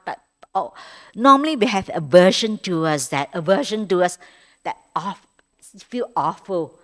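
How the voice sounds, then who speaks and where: Lively-voiced woman giving a Dharma talk. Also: a little high. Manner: conversational, repeats words and restarts, frequent "you know"; non-native English grammar. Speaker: Dharma teacher. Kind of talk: Dharma talk at a meditation retreat.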